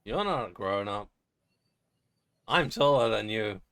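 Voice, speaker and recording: A man's voice: lowish voice, expressive, slow pace, fairly bright tone. A man running a tabletop game as game master, voicing the characters with a giggly, playful manner. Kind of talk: tabletop role-play, voicing children.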